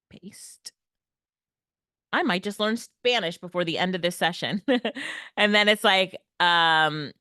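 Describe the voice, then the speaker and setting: A woman's voice: on the low side, slow pace, pushed and bright, clear, resonant tone, no echo, studio quality. A woman presenting an online workshop on everyday AI tools, upbeat and laughing often. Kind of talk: online tech lesson. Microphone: headset or desk mic, video call.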